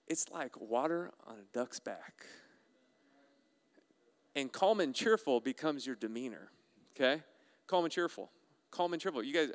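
A man preaching a sermon as a pastor, animated and playful, often putting questions to the congregation. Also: a little high, clean tone. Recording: resonant voice with long hall reverb.

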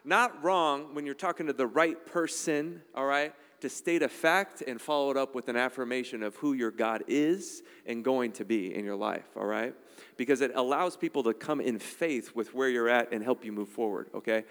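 Speaking at a moderate pace, this pastor has a mid-range, slightly bright, clean voice with lingering reverb. He preaches emphatically yet conversationally, frequently asking his listeners "all right?"

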